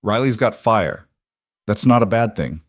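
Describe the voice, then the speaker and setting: A man doing a rich single father, calm, reassuring, low voice, dry sound. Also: measured pace, no echo.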